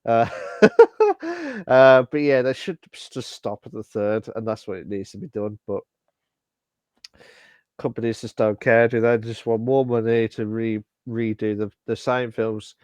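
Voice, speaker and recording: A man's voice: medium pitch, animated, unhurried, a little mellow, dry recording. A man co-hosting a live-streamed podcast, talking casually with many fillers and restarts. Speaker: podcast co-host.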